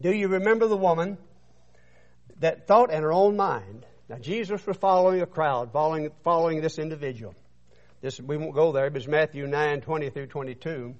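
A man's voice: fairly high pitch, moderate pace. A man preaching a sermon, retelling scripture in an emphatic storytelling manner and often repeating words. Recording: dull muffled recording.

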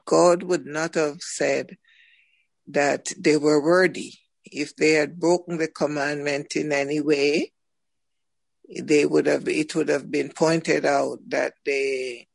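A man in a group bible discussion, speaking deliberately and firmly. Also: on the high side, gravelly, dry recording. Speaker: bible study participant.

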